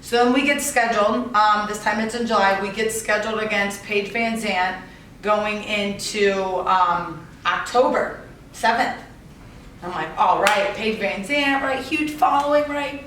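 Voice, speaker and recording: A woman's voice: mid-range voice, measured pace, a bit bright. A woman telling her story to an audience in a chatty way, often adding "right?" and "like". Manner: chatty, many "right?" and "like" fillers. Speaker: fighter speaking to an audience. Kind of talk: storytelling talk. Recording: echoey room, mic far off, faint noise.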